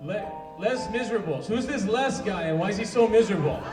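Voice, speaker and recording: A man putting on a wisecracking older Vegas crooner who hosts the stage with quick patter. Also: sits high, expressive, over loud music. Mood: brash, joking. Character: brash older male Vegas crooner hosting a lounge show. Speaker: impressionist performer. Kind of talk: stage impression with lounge banter. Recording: echoey hall from far off, loud band and crowd.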